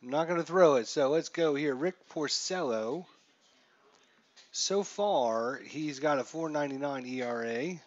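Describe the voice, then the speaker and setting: A man streaming a baseball simulation, chatting and calling the plays, reeling off stats and getting louder on big hits. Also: fairly high pitch, measured pace, highs cut off. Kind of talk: casual play-by-play commentary.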